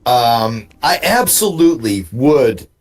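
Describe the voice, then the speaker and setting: A man's voice: mid-range voice, very animated, takes it slowly. A tipsy man with hiccups, chatting casually as a co-commentator on a game stream, rambling and restarting his sentences. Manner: rambling, self-interrupting storyteller. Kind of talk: casual banter over gameplay.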